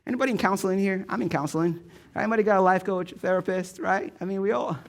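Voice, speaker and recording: Man, pastor, sermon, American Midwest accent, high voice, animated and joking. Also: racing, vocal fry. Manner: joking, animated storytelling with asides to the crowd. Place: church stage.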